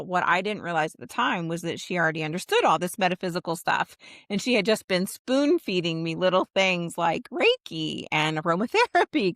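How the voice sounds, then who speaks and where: Gravelly, low-voiced woman telling a story. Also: no room sound, clean studio sound. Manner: animated, acts out quoted dialogue. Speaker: spiritual medium. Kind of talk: personal storytelling.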